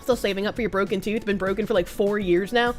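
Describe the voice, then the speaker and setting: A woman's voice: mid-range voice, fast, faint music behind. A woman with a Boston accent streaming and chatting casually, reading donations and swearing freely with frequent giggles. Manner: profane, giggly, animated. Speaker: livestreamer.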